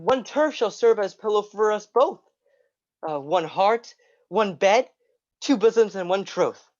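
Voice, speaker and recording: A woman's voice: medium pitch, lively intonation, unhurried, a little mellow, dry recording, highs cut off, lightly acted. A woman playing the young lover Lysander, speaking verse earnestly in a community theatre reading. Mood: ardent. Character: young Athenian lover Lysander, ardent man.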